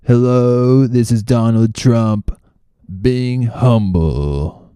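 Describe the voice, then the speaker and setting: A man doing an impression of an older male politician, fake-humbly pleading for donations in a drawn-out voice. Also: medium pitch, mellow, clean tone, no room sound, clean studio sound, pitched above the performer's own voice. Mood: mock humble.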